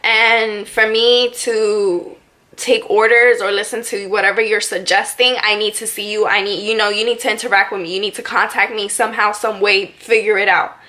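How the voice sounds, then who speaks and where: A young woman vlogger casually telling a personal story to camera, animated and full of "like"s. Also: medium pitch, moderate pace. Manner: animated, filler-heavy retelling with many "like"s.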